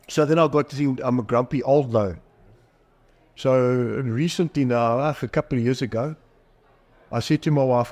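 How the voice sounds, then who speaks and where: In a candid podcast interview, a middle-aged psychologist and author tells self-deprecating stories about himself, performing the voices of the people he quotes. His medium-pitched voice has a darkish tone and moves at a moderate pace with long pauses.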